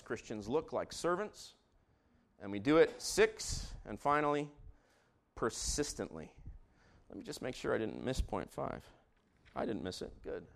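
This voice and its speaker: A man preaching a sermon with great passion, moving between hushed, intimate lines and loud shouts. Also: mid-range voice, sing-song, a little slow, creaky, long pauses. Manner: impassioned, swings from hushed to shouting. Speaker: pastor.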